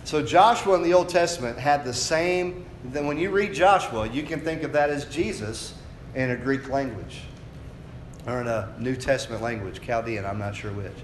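A man's voice: mid-range voice, normal speed, slight background noise. A man preaching a sermon from the United States, explaining scripture in a conversational teaching voice that asks his listeners questions. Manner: conversational teaching that builds to raised, fervent preaching. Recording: echoey room with faint ambience.

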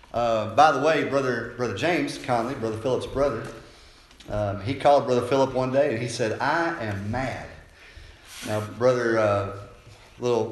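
A man preaching a sermon in a conversational style, often checking in with listeners. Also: mid-range voice. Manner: conversational preaching, frequent "right?" tag questions. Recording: echoey room, faint noise.

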